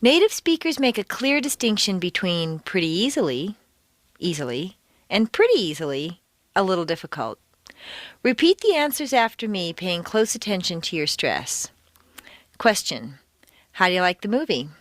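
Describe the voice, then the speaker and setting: A woman teaches pronunciation in a scripted audio course with a medium-pitched, sing-song delivery and no echo. Each stressed word is deliberately exaggerated.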